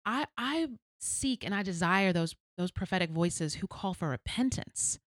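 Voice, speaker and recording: A woman's voice: mid-range voice, expressive, a little slow, dry recording, clean studio sound. A woman co-hosting a casual faith podcast, talking earnestly and emphatically and murmuring agreement. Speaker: podcast co-host.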